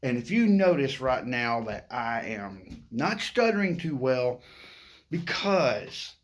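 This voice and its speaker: A man of fifty, talking straight to his viewers in a casual vlog, direct and earnest, pausing with "uh" now and then. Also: mid-range voice, very animated. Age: 50s. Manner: direct and earnest, addressing viewers, with filler "uh" pauses. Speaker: YouTuber.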